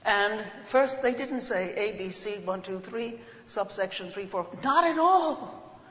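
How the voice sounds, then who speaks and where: Animated woman lecturing in an echoey hall. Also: mid-range voice, unhurried. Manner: animated storytelling, breaks into chants and voices. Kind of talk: workshop lecture. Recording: echoey hall, dull lo-fi sound.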